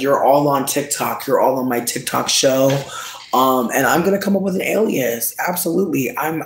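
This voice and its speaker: A man hosting solo, telling a casual comedic rant in slangy, profane, animated storytelling. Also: mid-range voice. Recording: roomy echo.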